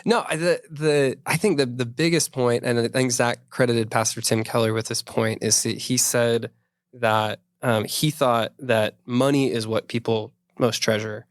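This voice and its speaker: A man's voice: medium pitch, fairly even intonation, unhurried, dry recording, clean studio sound. A man co-hosting a casual podcast discussion, talking in a rambling way with many restarts. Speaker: podcast co-host.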